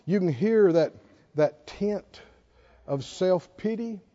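A man's voice: high-pitched, lively intonation, slow pace, mellow. An older man preaching a sermon in an emphatic, folksy way with bits of humor, on a slightly dull lo-fi recording. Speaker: pastor.

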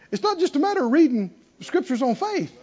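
A man preaching a sermon with animated emphasis, often asking the congregation questions. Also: very high voice. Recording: dull lo-fi recording.

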